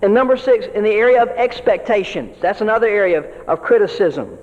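A man with a high, animated, fairly quick and slightly mellow voice preaches as a pastor to fellow ministers. He is earnest and folksy, often repeating words as he builds each point. The audio is dull, with long hall reverb.

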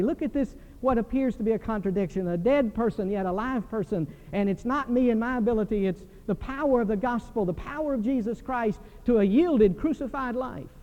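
An older man preaching a sermon in a church, animated and telling stories. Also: extremely high pitch, fairly quick, hardly any pauses. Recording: dull recording with long hall reverb.

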